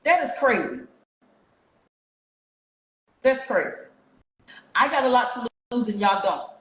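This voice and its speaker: A woman's voice: on the high side, big pitch swings, takes it slowly, a bit bright. Confrontational woman ranting on a live stream. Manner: confrontational, fires repeated rhetorical questions. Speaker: livestream host. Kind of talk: casual livestream rant to viewers. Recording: echoey room.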